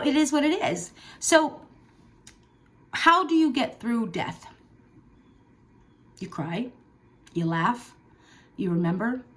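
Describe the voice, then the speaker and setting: A middle-aged woman talking earnestly and from the heart to her viewers in a personal vlog, with emphatic repeats and casual fillers. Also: medium pitch. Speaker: vlogger. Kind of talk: personal talk to camera.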